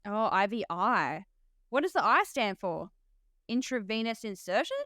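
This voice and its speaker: A woman's voice: medium pitch, sing-song, a little slow, a bit bright, dry recording, studio quality. A woman with an Australian accent hosting a podcast as a nurse, chatty and laughing often, with lots of "like". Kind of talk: casual podcast chat.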